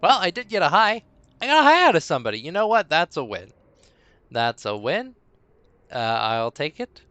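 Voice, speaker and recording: A man's voice: a little high, huge pitch swings, a bit bright, no echo, dull audio. A man streaming live as dungeon master, rambling and talking to himself while he waits for viewers. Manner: rambling, talks to himself between pauses. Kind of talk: casual live-stream chatter.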